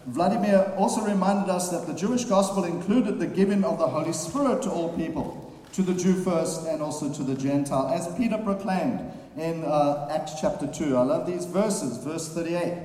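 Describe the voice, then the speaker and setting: A man's voice: fairly high pitch, warm tone. Preacher man in an echoing hall. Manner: reads scripture aloud, unhurried with filler pauses. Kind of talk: sermon summary. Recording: very echoey hall.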